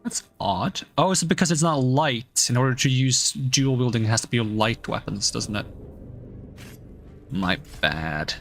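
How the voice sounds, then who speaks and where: A male streamer chats his way through a game, thinking out loud as he works out the rules. His pitch swings a lot from line to line. A soft music bed runs faintly underneath. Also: animated, a little slow. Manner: thinks aloud, puzzling over game rules. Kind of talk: casual gameplay commentary.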